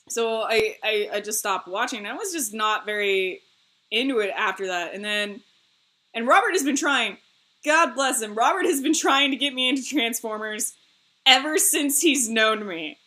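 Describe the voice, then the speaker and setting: A woman's voice: fairly high pitch, bright, forceful tone. A young woman streamer rambling in casual chat while she draws on a live stream, self-mocking, swearing and laughing often.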